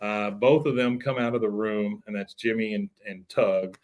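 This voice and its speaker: A man's voice: on the low side, steady tone, moderate pace. A man co-hosting a podcast, casually retelling a cartoon episode with loose, rambling storytelling at a live recording. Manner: loose, storytelling, lots of filler. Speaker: podcast co-host.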